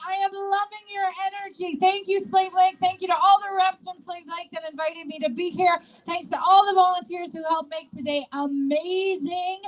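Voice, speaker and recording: Very high-voiced upbeat woman emcee. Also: fairly quick, low-quality recording. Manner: upbeat, loud, rallying the crowd. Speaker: rally emcee. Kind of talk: crowd call-and-response hosting.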